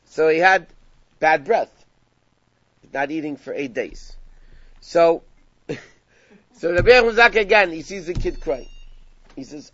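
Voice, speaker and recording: A man teaching a Talmudic story to a class, acting out the dialogue with lively emphasis. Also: a little high, normal speed, no room sound. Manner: animated, acts out dialogue with rising emphasis. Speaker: Torah teacher. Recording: dull lo-fi sound.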